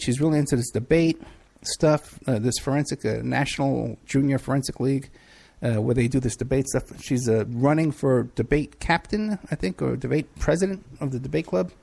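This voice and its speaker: Middle-aged man, talk host, rambling chat, gravelly voice, medium pitch. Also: a little mellow. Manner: rambling, chatty, frequent hesitations. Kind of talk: casual livestream chat.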